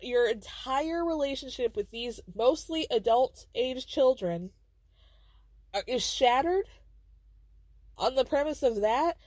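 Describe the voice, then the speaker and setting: A woman's voice: fairly high pitch, dry recording. A woman hosting a podcast, recapping a reality show in casual, blunt, profane chat and acting out the people she quotes. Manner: blunt, profane, animated storytelling with quoted voices. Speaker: podcast host.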